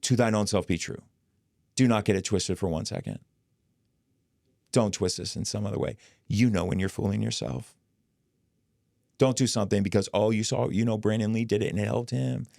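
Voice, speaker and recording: Earnest, emphatic man, low voice. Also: fairly even intonation, moderate pace, creaky, long pauses, a little mellow, no room sound, clean studio sound. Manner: earnest, emphatic, talks through stories with quoted dialogue. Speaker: podcast guest. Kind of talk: casual conversation about recovery.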